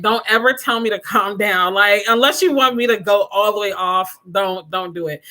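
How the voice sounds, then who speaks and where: A young adult woman hosting a casual livestream chat, animated and laughing often as she talks straight to her viewers. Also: mid-range voice. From Washington, DC area. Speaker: livestream host.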